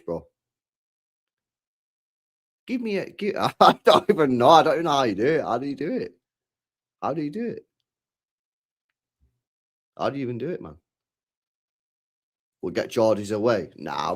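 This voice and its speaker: A man's voice: medium pitch, a bit bright. A young man chatting casually, rambling, swearing freely and repeating himself in slang. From England. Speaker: streamer chatting with viewers. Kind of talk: casual chat.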